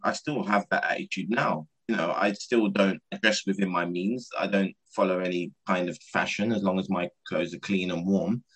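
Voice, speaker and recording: A man's voice: deep voice, steady tone, moderate pace, few pauses, fairly bright tone, husky, low-quality recording. A man, telling his own life story candidly and acting out the dialogue he quotes. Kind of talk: personal storytelling talk.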